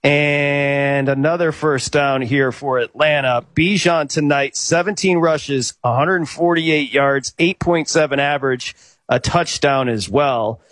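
A man's voice: a little high, a bit bright, no echo. A man co-hosting a live sports betting show, rattling off game stats and chatting about the play. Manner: rapid stat-heavy game updates.

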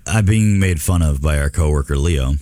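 A man's voice: rumbling low, normal speed, warm tone, dry recording, studio quality. A man hosting a radio show, telling stories in an earnest, rambling way during casual on-air banter. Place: radio studio.

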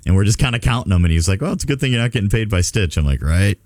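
A man's voice: on the low side, racing, no room sound, studio quality. A middle-aged man hosting a radio show, telling a story in casual chat. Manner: storytelling, animated retelling. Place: radio studio.

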